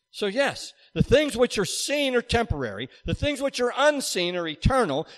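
A middle-aged man preaching a sermon, talking to the congregation in asides and rising to loud cries. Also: fairly high pitch. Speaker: pastor.

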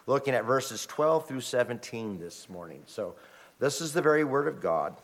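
Animated male pastor preaching in reverberant church. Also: medium pitch, normal speed. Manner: animated storytelling with emphatic rises. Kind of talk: sermon with scripture reading. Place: church sanctuary.

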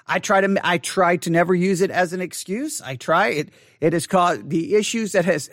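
A man, talking earnestly and haltingly to his online audience in an empty church sanctuary, repeating words as he goes. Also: high voice, a bit bright, no echo, clean studio sound. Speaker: online Bible teacher. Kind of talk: personal monologue to an online audience.

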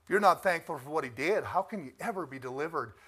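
A man delivers a sermon in a high-pitched voice, building his emphasis on key lines to near shouts. He keeps turning to the congregation with questions and calls for amen. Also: lively intonation, quick pace, husky. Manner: asks the congregation for amens. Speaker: preacher.

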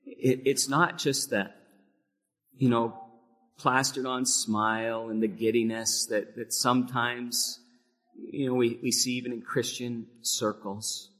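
A man delivering a church sermon with earnest conviction, his voice pitched in the middle range. He leans into key phrases with sudden emphatic force. A long reverb from the sanctuary trails every phrase. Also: level tone, takes it slowly, a bit bright. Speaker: pastor.

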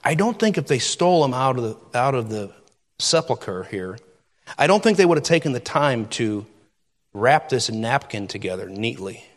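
A male pastor delivering a sermon, reading scripture and explaining it in an expressive, conversational teaching manner. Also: medium pitch, moderate pace, long reverb tail.

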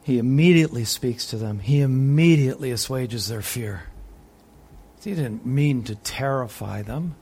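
A man teaching a Bible sermon who swings between excited, emphatic high points and hushed, soft reflection, reading scripture aloud and asking his listeners questions. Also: unhurried, breathy edge. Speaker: preacher.

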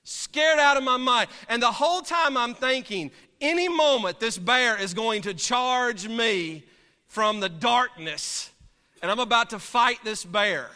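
A man, a pastor, preaching and telling a story from the pulpit in an animated, dramatic way, heard in a church sanctuary. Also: very high-pitched, a little slow. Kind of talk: sermon storytelling. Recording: long reverb of a large hall.

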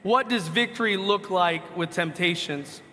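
Pastor preaching, male, high bright voice, poses questions and answers them, reads scripture, long hall reverb. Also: unhurried, slight background noise. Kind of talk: sermon.

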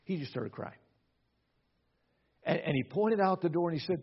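A middle-aged man delivers a sermon, his husky voice sitting a bit high for a man. He tells a personal story, often repeating words as he starts a thought. The recording sounds dull and lo-fi. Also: expressive, normal speed. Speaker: pastor.

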